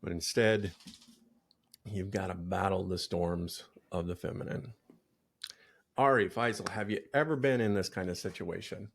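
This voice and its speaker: A man with a low, gravelly voice hosts a podcast. He tells his story with vivid imagery and acts out the lines he quotes. Then he steers the talk casually with his co-hosts. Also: normal speed. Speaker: podcast host. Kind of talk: podcast intro and casual discussion.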